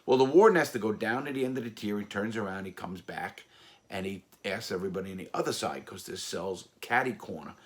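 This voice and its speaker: A man's voice: fairly low pitch, lively intonation, a little fast. A middle-aged man telling a blunt, profane story about his time in prison. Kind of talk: casual storytelling monologue.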